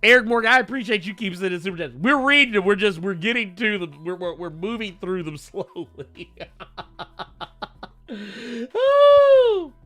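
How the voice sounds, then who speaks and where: A man co-hosting a comic book live stream, reading viewer comments in an animated, rambling way and swearing casually. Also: high voice, moderate pace, soft background music. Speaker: co-host of a comic book talk show.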